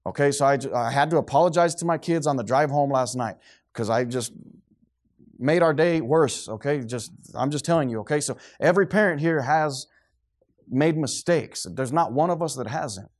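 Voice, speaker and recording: A man's voice: mid-range voice, normal speed. A middle-aged man preaching a sermon to a congregation, fervent and preachy, sometimes losing his train of thought.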